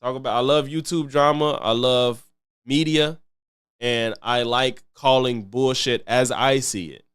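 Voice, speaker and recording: A man's voice: medium pitch, steady tone, a little slow, fairly bright tone, clear, resonant tone. A man commenting casually on a live stream, loose and chatty, repeating himself and thanking viewers. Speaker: streamer reacting to clips.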